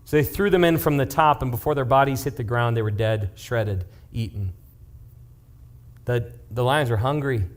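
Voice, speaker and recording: A young man, a youth pastor, preaching in a casual, animated way, retelling a story and dropping into hushed asides. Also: medium pitch, normal speed. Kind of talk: youth-group sermon storytelling.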